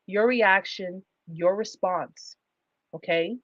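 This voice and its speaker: A woman's voice: medium pitch, takes it slowly, dry recording, dull audio. Emphatic woman repeating rhetorical questions. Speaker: livestream host. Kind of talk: livestream advice talk.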